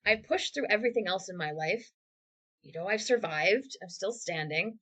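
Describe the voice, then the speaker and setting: A woman co-hosting a podcast from home over a video call. She sits at an ordinary middle pitch, and her talk is earnest and reflective, with a dry sarcastic streak. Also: expressive, normal speed, bright, forceful tone. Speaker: podcast co-host. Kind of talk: candid conversational podcast talk.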